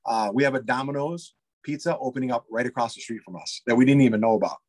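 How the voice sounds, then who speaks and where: Talking quickly in a medium-pitched, slightly mellow voice, this man from the United States owns a pizza shop. In a casual interview he rambles eagerly, full of filler words and restarted sentences.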